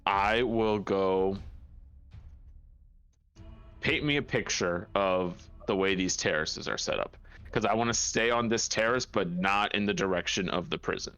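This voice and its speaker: A man's voice: low voice, measured pace, a bit bright, smooth, soft background music. A man playing a tabletop game, spelling out his actions step by step with a dry, joking streak. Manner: earnest step-by-step, dryly joking. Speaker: player.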